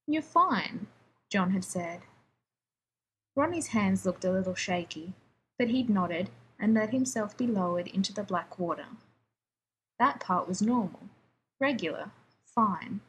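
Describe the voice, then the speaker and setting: A woman reading a story aloud in a calm, even narrating voice. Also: medium pitch, a little slow, pauses often, a little hiss or hum, rough recording. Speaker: reader. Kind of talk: audiobook reading of fan fiction.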